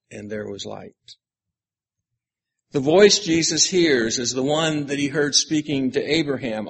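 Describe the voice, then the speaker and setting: A man preaching an earnest, measured sermon on a gospel passage, slowing down to stress key words. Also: medium pitch, breathy edge. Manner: measured, earnest, slows for emphasis. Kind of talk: sermon on scripture.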